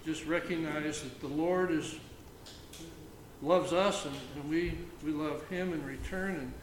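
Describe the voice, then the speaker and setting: A man with a slightly raised pitch leads an informal Bible study, speaking very slowly and stopping often to restart his phrases. He reads the scripture aloud with care. The recording is echoey, with faint ambient noise behind him. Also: far from the mic. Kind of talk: informal Bible reading and reflection.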